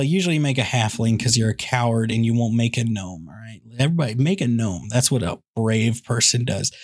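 A man on a podcast doing an excitable comedic rant. He keeps tagging his lines with "okay?" and "all right?", and his voice jumps high when he gets worked up.

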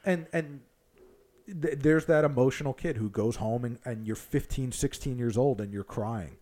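A man co-hosting a casual sports chat, an animated, profane coach who rants. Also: medium pitch, moderate pace. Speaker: podcast co-host, hockey coach.

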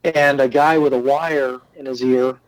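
A man's voice: mid-range voice, unhurried, no echo, rough recording. A pastor from Austin, chatting casually and animatedly acting out the people in his stories. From Austin, Texas. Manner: animated storyteller who acts out quotes. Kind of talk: casual storytelling chat.

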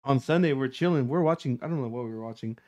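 A man in casual chat telling a story, animated and profane, often laughing. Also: mid-range voice, fast, muffled recording.

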